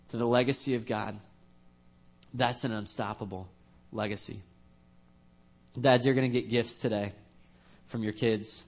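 A man preaching a sermon as a pastor, earnest and conversational, with frequent restarts. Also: on the low side.

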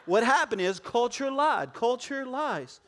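A male pastor with a notably high voice preaches to a congregation in a church auditorium. He keeps the tone joking and conversational and often turns aside to speak straight to the people in front of him. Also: expressive, measured pace, a bit bright. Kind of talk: sermon.

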